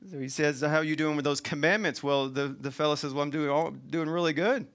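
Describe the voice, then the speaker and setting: A man preaching a sermon in a colloquial, folksy way, swinging from loud emphatic points to quiet asides. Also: a little high, steady tone, fairly quick.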